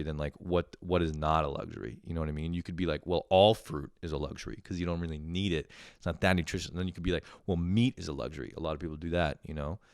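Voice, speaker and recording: A man's voice: rumbling low, dry recording, clean studio sound. A young man from Canada talking in a casual, rambling, profane monologue to his audience. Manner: profane, rambling, animated when telling stories. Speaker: vlogger.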